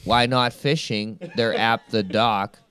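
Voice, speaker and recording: A man's voice: on the low side, steady tone, slow pace, a bit bright, clear, resonant tone. A man co-hosting a fishing podcast in casual chat, throwing in dry, teasing quips. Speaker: podcast co-host.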